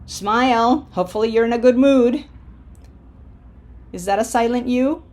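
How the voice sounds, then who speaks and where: Woman, language teacher, slow deliberate delivery, drawn-out example words, questioning, encouraging. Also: fairly high pitch, darkish tone. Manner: slow, drawn-out model words between explanations; coaxing, asks the learner questions. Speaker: Spanish teacher. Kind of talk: pronunciation lesson.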